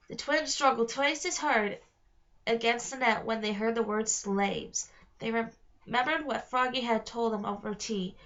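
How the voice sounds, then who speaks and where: A woman reading a storybook aloud with a fairly high voice, careful and steady with the odd slip. The recording sounds dull and lo-fi. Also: moderate pace. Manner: careful, with small slips. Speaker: reader. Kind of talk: read-aloud narration.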